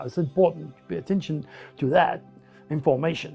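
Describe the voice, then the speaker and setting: A man with a French accent telling his life story in broken English, animated and repeating words as he goes. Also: on the high side, brisk, gravelly, slightly rough, faint music behind. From France. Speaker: interviewee. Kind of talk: personal storytelling.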